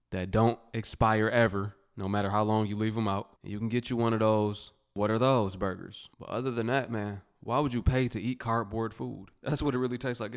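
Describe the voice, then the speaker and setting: A man with a lowish voice gives relaxed commentary on his channel. He talks to his audience directly, in an easygoing, conversational way. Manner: laid-back, talks straight to his viewers. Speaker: channel host reacting to a clip. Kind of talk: casual commentary.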